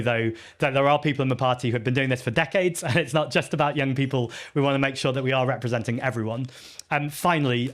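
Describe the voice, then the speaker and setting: A man's voice: medium pitch, a bit bright. A man, a party leader, answering audience questions at a live festival Q&A in an earnest, chatty, self-deprecating way, with frequent ums and restarts.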